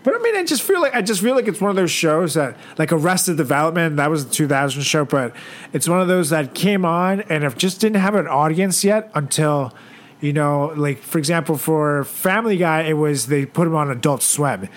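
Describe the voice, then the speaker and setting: A man co-hosting a casual talk show, laid-back and animated, swearing often as he tells stories. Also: on the high side, normal speed. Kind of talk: casual chat.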